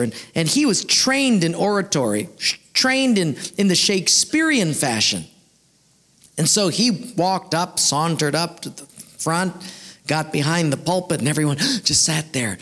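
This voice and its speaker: A man in his thirties preaching a sermon, telling stories in an animated way. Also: fairly high pitch, measured pace. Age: 30s. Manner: animated storyteller, acts out voices. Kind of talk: storytelling sermon.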